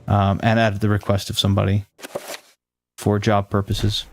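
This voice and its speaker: Male streamer host, neutral General American accent, lowish voice, rambling explainer. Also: completely flat delivery, normal speed, very noisy. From Southern United States. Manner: rambling, self-correcting, explains at length. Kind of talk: casual stream chat with viewers.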